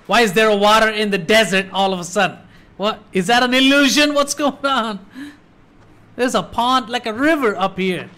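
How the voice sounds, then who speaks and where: A man reacting to a cartoon on screen, excitable and cursing, talking back to the characters. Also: high-pitched, moderate pace. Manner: excitable, swears a lot, talks back to the screen. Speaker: reaction video host. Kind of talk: casual reaction commentary. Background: cartoon audio and music playing.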